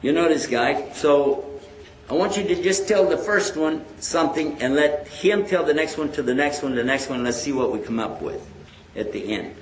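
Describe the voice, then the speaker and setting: Man, Islamic lecturer, animated storyteller, slightly high voice, echoey hall. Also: moderate pace, slight background noise. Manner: animated storytelling, acting out dialogue.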